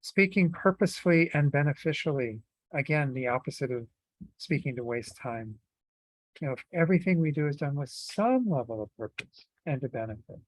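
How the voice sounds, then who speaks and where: A man giving a Buddhist teaching in a relaxed, conversational way, with frequent fillers and restarts. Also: a little high, a little fast, dry recording, low-quality recording. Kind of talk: dharma talk.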